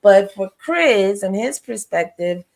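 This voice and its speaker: A woman's voice: mid-range voice, animated, slow, creaky, darkish tone. A woman in casual podcast chat, retelling a story in a conversational way with rhetorical questions.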